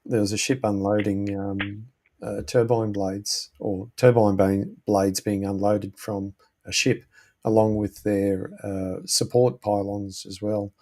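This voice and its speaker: A man's voice: fairly low pitch, flat delivery, takes it slowly, mellow. A man chatting casually on a stream, rambling with many fillers. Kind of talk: casual chat.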